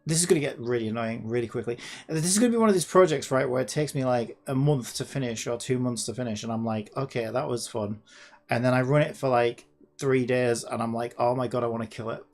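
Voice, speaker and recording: A person hosting a casual coding vlog, thinking aloud in an excitable, rambling way, pleading with the computer and sometimes dropping to a muttered whisper. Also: mid-range voice, fast talker, faint music behind. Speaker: hobbyist developer and channel host.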